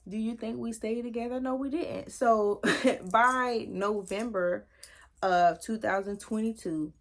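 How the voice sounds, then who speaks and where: A young woman spins a story from her own past for her viewers with a lot of energy. She talks in in a loose, slangy way and keeps calling out "y'all." Her voice sits at an ordinary middle pitch for a woman. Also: fairly bright tone. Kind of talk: casual storytime vlog.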